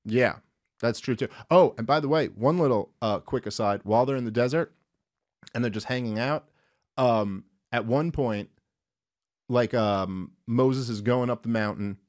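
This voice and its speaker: A man hosting a casual talk show, mid-pitched and close to a dry mic. He swears freely and keeps the retelling animated, acting out characters in quick voices. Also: no echo. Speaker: podcast host. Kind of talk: irreverent comedic retelling and commentary.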